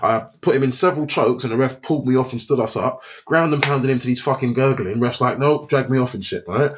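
Background noise sits under this man's medium-pitched, quick delivery as he recounts fights during a casual chat. He swears freely, stays lively throughout, and performs the other people's voices himself.

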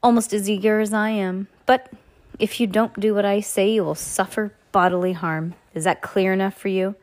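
A woman's voice: medium pitch, fairly even intonation, normal speed, natural voice. A woman voicing a scheming, threatening adult male villain in a read-aloud storybook. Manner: sneering, threatening.

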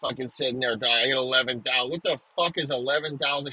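Man in a sharp, profane comic rant. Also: medium pitch, steady tone, fast, slightly rough, dry recording, low-quality recording. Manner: aggressive, swears constantly, shouting insults. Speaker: comedian.

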